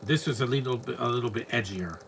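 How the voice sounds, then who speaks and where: Bright-voiced opinionated man ranting. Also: medium pitch, fast, vocal fry, a little hiss or hum. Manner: opinionated, ranting, rambling asides. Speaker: film commentary host. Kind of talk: casual film commentary over a movie.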